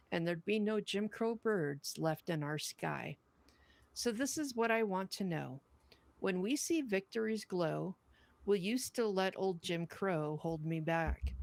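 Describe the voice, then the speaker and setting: A woman's voice: on the low side, creaky. A woman co-hosting a podcast, reading a poem aloud and then chatting bluntly and earnestly. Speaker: podcast co-host.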